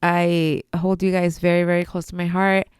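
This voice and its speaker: A woman's voice: fairly low pitch, flat delivery, moderate pace, clear, resonant tone, no room sound, studio quality. A young adult woman hosting her own podcast, talking candidly and from the heart about friends and family, with frequent fillers and casual swearing. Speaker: podcast host. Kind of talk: casual solo podcast talk.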